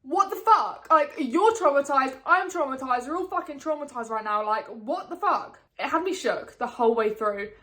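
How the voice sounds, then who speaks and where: Young woman, bright higher pitch, gushing casual book vlogger who swears freely. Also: lively intonation, moderate pace, hardly any pauses. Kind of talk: casual book review vlog.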